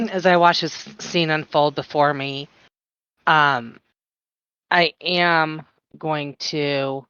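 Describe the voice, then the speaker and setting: A woman describing her character's actions in a tabletop game, deliberate and measured. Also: deep voice, a bit bright, smooth, no room sound, muffled recording. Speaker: player.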